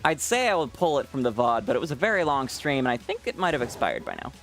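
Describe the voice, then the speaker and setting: A man's voice: mid-range voice, sing-song, fast talker, fairly bright tone, faint music behind. A man streaming a game and chatting with viewers, teasing them, swearing freely and laughing often. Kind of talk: casual live-stream chat with viewers.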